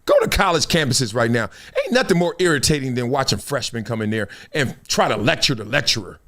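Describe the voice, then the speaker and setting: Animated middle-aged male sports host. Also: a little fast. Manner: animated, laughing, jumps to high exclaims. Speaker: show host. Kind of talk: casual live-stream sports talk.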